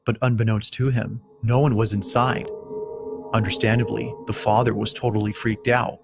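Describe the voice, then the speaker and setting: A man narrating a compilation of scary videos in a steady, measured, scripted storytelling voice. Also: lowish voice, gravelly. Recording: faint music underneath.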